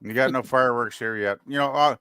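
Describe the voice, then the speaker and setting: A Canadian man in his sixties co-hosting a casual livestream chat, talking in animated rants and stumbling over restarts. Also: mid-range voice, fast, clear, resonant tone, no echo, clean studio sound. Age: 60s. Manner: animated, repeats and restarts words, exasperated rants. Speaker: livestream co-host.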